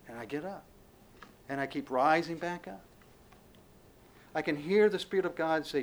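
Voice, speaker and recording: Slightly high-voiced man preaching dramatically. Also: normal speed, pauses often. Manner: dramatic preaching, swings from loud outbursts to hushed near-whispers; rhetorical questions to the congregation. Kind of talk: sermon.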